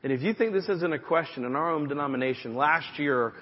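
Man, pastor, lively conversational sermon; slightly high, husky voice, muffled recording with long hall reverb. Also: brisk. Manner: conversational, animated preaching with asides to the congregation.

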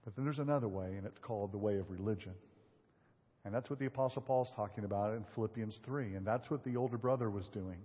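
A man's voice: fairly low pitch, quick pace. A man preaching a sermon, reading scripture aloud and explaining it in a conversational way with occasional fillers. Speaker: pastor. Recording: dull audio in a hall with long reverb.

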